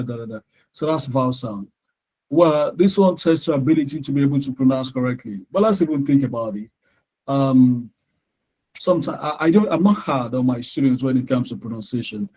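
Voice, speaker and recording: In a live online lesson, a male tutor takes students through exam questions at a steady, explanatory pace. His voice is mellow and mid-pitched, and he occasionally pauses to ask whether the class can hear him through his computer mic. The recording is rough.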